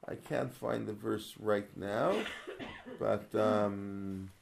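A fairly low, gravelly voice with even intonation and drawn-out words teaches a Torah class against background noise. The religious studies teacher is conversational, quoting Hebrew verses, posing rhetorical questions, and frequently digressing and restarting.

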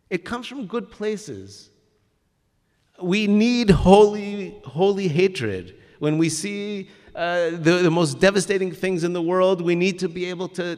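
A man's voice: high-pitched, darkish tone. A man giving a religious lesson, speaking earnestly and emphatically with frequent restarts. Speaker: religious teacher. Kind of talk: Torah lesson with stories. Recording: long hall reverb.

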